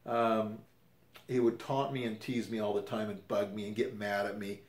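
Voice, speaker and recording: A man's voice: fairly low pitch, level tone, moderate pace. A man in his fifties casually telling a personal story, rambling and correcting himself as he goes. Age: 50s. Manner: rambling, self-correcting, conversational. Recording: roomy echo.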